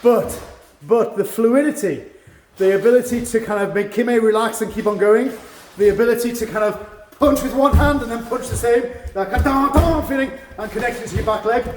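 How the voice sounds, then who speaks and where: A man's voice: extremely high pitch, fairly quick, roomy sound, a little hiss or hum. A man, a karate instructor, teaching an online seminar over a video call, encouraging and checking understanding with frequent "yeah?".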